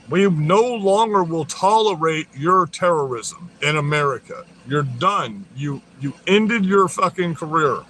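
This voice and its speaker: A man with a drawl rants live to his viewers, hurling profanity and dares in a high-set voice. His tone is bright and cutting, and a faint hiss sits under the audio. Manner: profane, confrontational, taunting. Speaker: livestreamer. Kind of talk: livestream rant.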